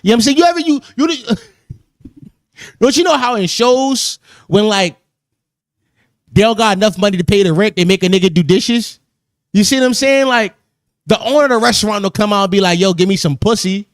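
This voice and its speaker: A man's voice: high-pitched, normal speed, long pauses, dry recording, clean studio sound. A man hosting a podcast in casual chat, joking loosely, laughing often and repeating phrases. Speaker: podcast host.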